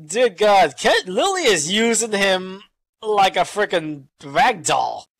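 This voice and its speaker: A commentator calling a virtual wrestling show in casual play-by-play, excitable and swearing freely. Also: mid-range voice, no room sound. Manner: excitable, swearing, quick asides.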